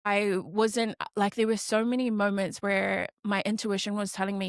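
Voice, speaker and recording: A woman's voice: mid-range voice, flat delivery, normal speed, hardly any pauses, no room sound, clean studio sound. A woman in her thirties, a podcast guest telling her own story candidly and emphatically, acting out her past thoughts and swearing casually.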